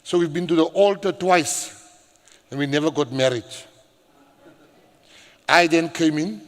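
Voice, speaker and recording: A middle-aged South African man, a government minister, giving a public speech and telling stories in an animated way, laughing and shouting as he acts them out. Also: on the high side, unhurried. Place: large hall at a public event. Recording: reverberant hall.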